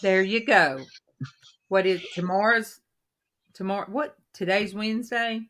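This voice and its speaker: A middle-aged woman hosting a casual chat, telling folksy stories in an animated way and quoting herself. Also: mid-range voice, measured pace. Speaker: host of a Christian women's coffee talk panel.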